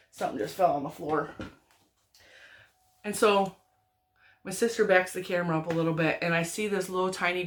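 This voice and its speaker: A woman crochet vlogger, perhaps in her thirties, chatting at home in a rambling, giggly way as she tells family stories. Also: on the low side. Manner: rambling, giggly, animated retelling with frequent laughs. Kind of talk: casual chatty storytelling.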